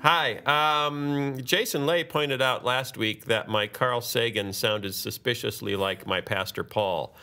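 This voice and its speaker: A man hosting a podcast, chatting casually and trading quick jokes with his co-hosts. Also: mid-range voice, pushed and bright, faint music behind. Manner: joking, quick banter. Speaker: podcast host. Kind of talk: casual comedic chat.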